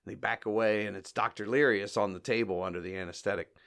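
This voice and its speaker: Walking through a comedy short one scene at a time, this podcast host acts out the quoted dialogue and laughs frequently in a relaxed recap. He speaks fast in a lowish, steady, creaky voice with a fairly bright tone.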